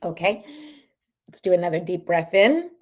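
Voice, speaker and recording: A woman's voice: fairly low pitch, sing-song, moderate pace, a little mellow. A woman hosting a casual livestream, chatting with viewers and leading a guided breathing ritual in an encouraging way. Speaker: host.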